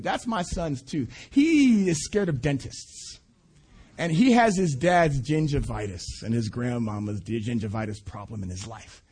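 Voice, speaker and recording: A middle-aged man preaching a sermon and telling a personal story, animated, repeating himself and laughing between phrases. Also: a little high, moderate pace, slightly rough. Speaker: preacher at a student conference.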